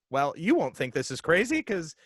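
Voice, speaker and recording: A man in his forties, a podcast guest, telling a story casually and haltingly with many fillers and restarts. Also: on the high side, wildly swooping pitch, slightly rough, no echo.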